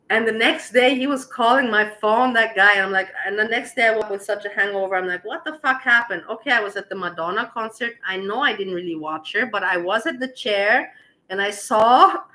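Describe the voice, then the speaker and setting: A woman casually telling a personal story to her viewers, animated and laughing as she acts out the dialogue. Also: medium pitch, low-quality recording.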